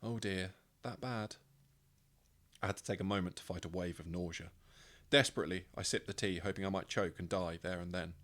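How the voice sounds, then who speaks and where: A man's voice: low-pitched, flat delivery, quick pace, hardly any pauses, fairly bright tone. A man, narrating his own short story in the first person with a dry, wry delivery.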